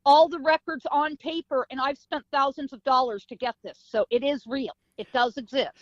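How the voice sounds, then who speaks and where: A woman's voice: high voice, fairly even intonation, moderate pace, no echo, muffled recording. A woman guest, a psychic medium, telling a story vividly in an interview, acting out sounds and voices. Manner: vivid storytelling with sound effects and acted quotes.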